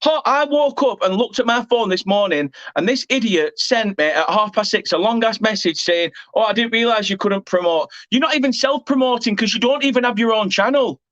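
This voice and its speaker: A man's voice: very high voice, fairly quick, few pauses, a bit bright, no room sound, highs cut off. A man with an English accent who hosts a football fan channel, ranting angrily and swearing while repeatedly apologising. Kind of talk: angry rant to camera.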